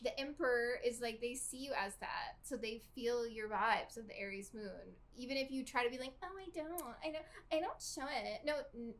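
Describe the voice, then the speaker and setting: A young woman co-hosting a casual podcast chat, laughing often and agreeing warmly with her co-host. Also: a little high, moderate pace, few pauses, slight background noise. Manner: supportive, frequent laughter and agreeing.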